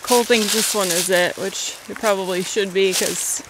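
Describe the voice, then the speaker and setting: Young woman hiking and vlogging, chatty, giggly, bit of hiccups, creek rushing loud behind her on camera audio. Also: medium pitch, fairly even intonation. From Missouri, USA. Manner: chatty and giggly, swears casually. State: has the hiccups. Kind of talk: casual hiking vlog narration. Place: outdoors on a creek trail in the woods. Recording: outdoor camera audio with stream noise. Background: flowing creek water.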